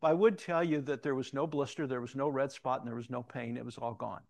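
A middle-aged man preaching a sermon, telling personal stories and moving between loud emphatic questions and quiet reflective moments. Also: mid-range voice, steady tone, a little fast, creaky. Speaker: pastor.

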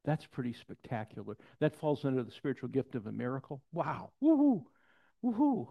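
A pastor preaching a sermon, telling stories with lively quoted voices and dropping to soft, intense passages. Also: male voice, medium pitch, quick pace, creaky. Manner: storytelling, animated quotes, drops to soft intensity. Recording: dull lo-fi sound.

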